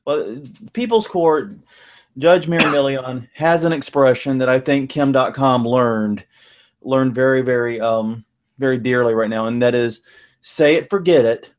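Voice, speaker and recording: A man's voice: medium pitch, unhurried. Chatty man hosting a podcast. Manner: chatty, laughs often, wry asides. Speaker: podcast host. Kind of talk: casual podcast chat.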